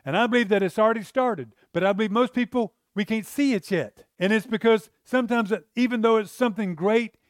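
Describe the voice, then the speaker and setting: Guy preaching, high voice, chatty storytelling, dry close sound. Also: dry recording. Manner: conversational, acts out the disciples' lines in character. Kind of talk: sermon.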